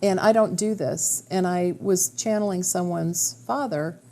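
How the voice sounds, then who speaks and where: A woman hosting a radio interview as a medium, explaining in a calm, assured way. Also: lowish voice, measured pace. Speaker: radio show host, medium. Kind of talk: interview conversation.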